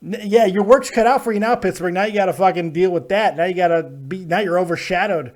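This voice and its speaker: A man hosting a live call-in show, talking in a loud, blunt and profane way and laughing often. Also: high-pitched, fast. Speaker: host of a wrestling call-in show. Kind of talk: casual live call-in chat.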